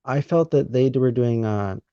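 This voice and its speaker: A man hosting a podcast interview, talking in a measured, deliberate way with pauses mid-sentence. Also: mid-range voice, warm tone, smooth. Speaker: podcast host. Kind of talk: conversational interview. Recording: dry, dull lo-fi sound.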